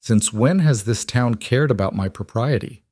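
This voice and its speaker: A man's voice: mid-range voice, normal speed, a little mellow, dry recording, clean studio sound, pitched above the performer's own voice, close to an everyday voice. A man voicing a young frontier widow who answers her town firmly. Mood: defiant. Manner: firm, defiant. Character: young widow, hurt but defiant.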